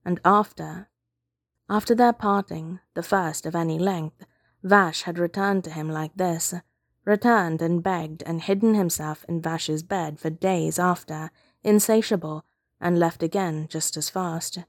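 A woman reading fiction aloud as narrator, with calm, steady storytelling. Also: lowish voice, unhurried, no room sound, clean studio sound.

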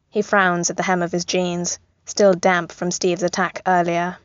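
A woman reading a story aloud as narrator, in an even, gently amused tone. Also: lowish voice, a little slow, few pauses, no echo. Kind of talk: reading fan fiction aloud. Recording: slightly muffled, dry.

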